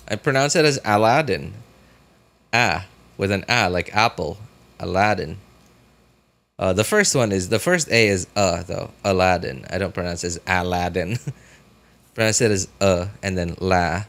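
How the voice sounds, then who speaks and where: A young man streaming a game chats casually with his viewers, rambling along with plenty of fillers. His voice is lowish and a bit bright, animated, at a normal speed.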